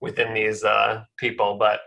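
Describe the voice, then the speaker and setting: A man's voice: on the low side, completely flat delivery, moderate pace, gravelly, pushed and bright. A man co-hosting a podcast, chatting casually and making jokes. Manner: chatty, jokey. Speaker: podcast co-host. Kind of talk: casual chat.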